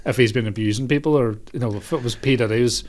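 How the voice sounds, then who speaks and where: A man's voice: medium pitch, fast, a little mellow. A man, a guest on a podcast, trading dry, sweary comic banter. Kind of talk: casual comedic chat.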